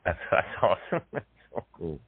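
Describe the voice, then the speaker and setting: A man's voice: normal speed, no room sound. A man hosting a casual chat, enthusiastic and laughing often. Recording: dry, phone-like sound.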